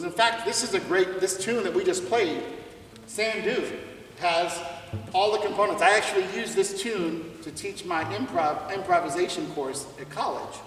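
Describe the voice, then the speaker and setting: A man's voice: on the high side, a bit bright, a little hiss or hum. A man giving a jazz clinic to students, chatty and laughing, asking them questions as he teaches. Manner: conversational, asks students questions, laughs often. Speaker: visiting jazz trumpet clinician. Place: school music room or hall. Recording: echoey hall from far off.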